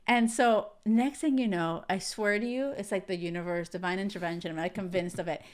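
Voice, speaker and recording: A woman in her thirties hosting a podcast, telling a story in an animated way with frequent laughter. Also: medium pitch, a little fast. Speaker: podcast host. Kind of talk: casual chat.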